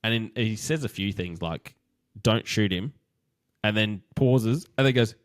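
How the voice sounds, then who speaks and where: A man with a fairly low voice recaps a TV show in casual chat. He acts out the scenes in quick quoted voices. The sound is dry and close. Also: no echo. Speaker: podcast co-host.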